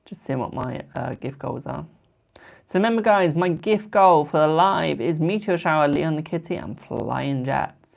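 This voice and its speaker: A man's voice: a little high, expressive, normal speed, gravelly. A British man doing tarot readings on a live stream, chatting with viewers and calling them "my darling". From United Kingdom. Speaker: tarot card reader.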